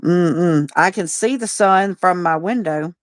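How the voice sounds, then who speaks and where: A woman's voice: on the low side, slow, dry recording, studio quality. A woman hosting a casual livestream, talking in a chatty, folksy way and greeting viewers by name. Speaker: livestream host.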